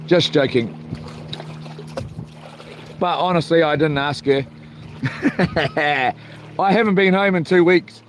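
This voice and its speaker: A man's voice: a little high, a little slow, pauses often, a little hiss or hum. A man chatting casually while fishing, joking, rambling and swearing. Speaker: fishing vlogger. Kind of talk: casual vlog chat. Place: outdoors by the water while fishing.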